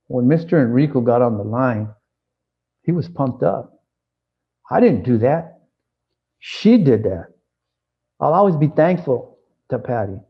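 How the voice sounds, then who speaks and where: Gravelly man telling his story. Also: medium pitch, dull audio. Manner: acts out dialogue, frequent restarts. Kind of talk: animated storytelling interview.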